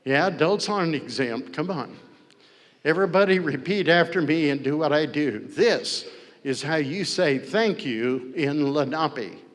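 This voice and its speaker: Man, slow and deliberate, a bit high-pitched, playful coaxing teacher, long hall reverb. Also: animated. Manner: coaxing, playful, repeats instructions. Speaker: language teacher at a powwow. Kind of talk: call-and-response teaching to children. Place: large indoor hall.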